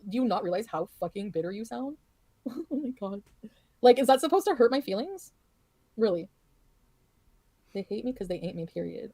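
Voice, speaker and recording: A woman's voice: mid-range voice, expressive, a little fast, pauses often, darkish tone, dry recording. A woman livestreamer ranting in casual chat, blunt, profane and dismissive.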